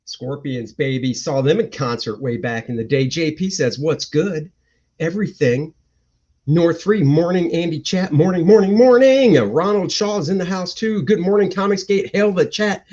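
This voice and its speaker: Chatty male stream host with a slightly high voice, over dull lo-fi audio. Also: a little mellow, slightly rough. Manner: chatty, greets and reads viewer comments aloud. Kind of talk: casual live-stream chat.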